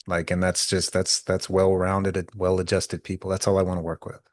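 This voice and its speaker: A man's voice: low voice, completely flat delivery, fairly quick, no echo, studio quality. Blunt, profane man on a podcast. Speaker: podcast co-host, therapist. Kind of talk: casual podcast chat.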